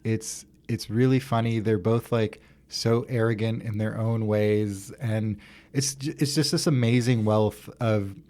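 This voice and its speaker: Low-voiced man in casual chat. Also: steady tone, unhurried, mellow. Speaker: podcast co-host.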